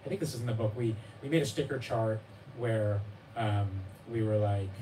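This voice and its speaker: At a bookstore event, a man with a fairly low voice talks through his memoir at a moderate pace. He wanders, restarts often, leans on fillers, makes fun of himself, and does laughing impressions of his child and readers. A far-off mic leaves the room audible, and the background is noisy.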